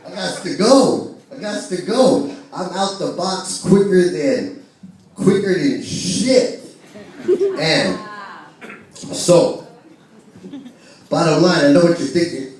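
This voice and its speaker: A man's voice: sits high, animated, slow pace, long pauses, darkish tone. Brash man doing stand-up, echoey club. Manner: brash, profane, laughing at his own jokes. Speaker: stand-up comedian. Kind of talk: stand-up routine. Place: comedy club stage. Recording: echoey club from a distance, noisy crowd.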